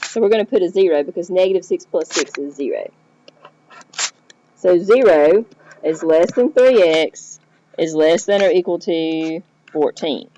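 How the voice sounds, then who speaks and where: A woman's voice: lowish voice, animated, measured pace, dark tone, a little hiss or hum. A woman teacher explaining math step by step, checking in with the listener as she goes. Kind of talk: recorded math lesson. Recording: dull lo-fi recording.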